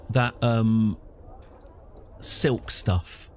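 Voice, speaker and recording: A man's voice: fairly low pitch, takes it slowly, a little mellow. A middle-aged man giving casual, wry, self-deprecating commentary as he hosts a live stream of a strategy game. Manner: chatty, wry, self-deprecating, with frequent fillers. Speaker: streamer, host of the channel.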